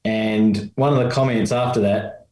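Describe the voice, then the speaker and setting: A man's voice: on the low side, steady tone, normal speed, a little mellow, roomy sound, rough recording. A man co-hosting a casual podcast chat, teasing his co-host in a jokey way.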